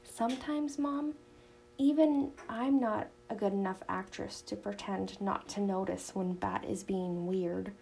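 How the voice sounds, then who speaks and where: A woman's voice: medium pitch, steady tone, unhurried, gravelly, mellow, a little hiss or hum, low-quality recording. A woman voicing a dramatic preteen girl who whines and sounds exasperated in a storybook reading. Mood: sulky. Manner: whiny and exasperated.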